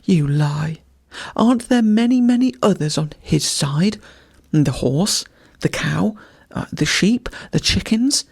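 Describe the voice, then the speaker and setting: A reader voicing a fanatically loyal male hunting dog who yelps loudly in a frenzy of devotion, read as a bedtime story. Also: medium pitch, expressive, slow, vocal fry, husky, exaggerated voice. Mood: frenzied. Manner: yelping, loud and frenzied.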